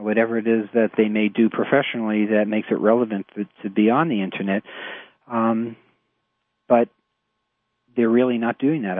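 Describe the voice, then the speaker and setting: A man with a New York accent, a therapist explaining his clients' struggles in a measured, halting way with many fillers. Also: on the low side, no echo. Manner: measured, hesitant with frequent fillers. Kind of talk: explanatory radio talk. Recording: tinny phone-like radio audio.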